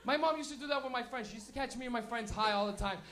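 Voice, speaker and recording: A man's voice: very high-pitched, racing, noisy background. A young man doing a profane stand-up set, laughing through his stories at a live show. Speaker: stand-up comedian. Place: live show venue with audience.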